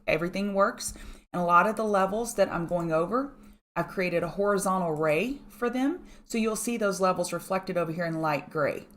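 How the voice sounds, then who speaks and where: A middle-aged woman hosting a live pre-market stream, chatty and fast, greeting viewers by name between chart notes, with a strong regional accent. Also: lowish voice, a bit bright. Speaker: market analyst host.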